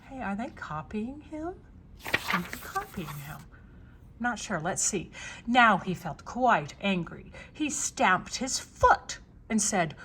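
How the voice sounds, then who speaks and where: An older woman reading a picture book aloud to children, slow and expressive, pausing to ask the listener questions. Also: mid-range voice, husky. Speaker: storyteller.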